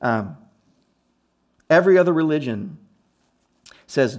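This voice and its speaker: A man's voice: a little high, expressive, moderate pace, long pauses. A man preaching a sermon in a conversational, emphatic way, with frequent restarts and asides. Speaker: pastor.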